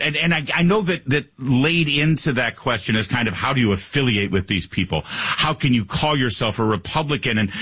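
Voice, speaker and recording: A man hosting a talk radio show, delivering an opinionated, sarcastic monologue and jumping up in pitch when he mocks someone. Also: a bit bright, husky, no room sound. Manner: sarcastic, pitch jumps high when mocking.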